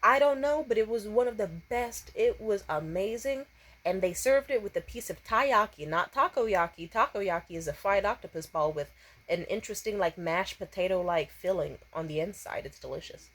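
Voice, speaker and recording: A young woman rants her way through a personal story in a loose, casual vlog voice. She swears constantly and stays animated throughout. She slips into exaggerated voices whenever she quotes someone. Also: medium pitch, normal speed. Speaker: storytime vlogger.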